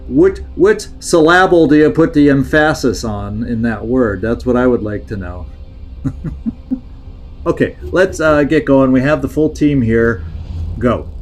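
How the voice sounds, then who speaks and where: This gameplay commentary comes from a man with a voice on the high side who speaks unhurriedly while soft music plays underneath. Playing a strategy game on stream, he muses and hesitates, reasoning out loud through his plans move by move.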